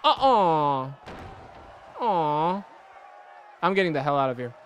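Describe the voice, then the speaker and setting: A young man hosting a gaming video, giving excitable, jokey let's-play commentary and laughing often. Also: a little high, slow, clean tone. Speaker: gaming channel host.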